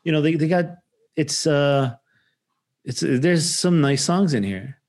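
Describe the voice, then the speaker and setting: A man's voice: fairly high pitch, slow pace, a little mellow. A man from Chicago co-hosting a casual podcast, telling loose stories with the odd swear. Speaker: podcast co-host. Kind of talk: casual chat.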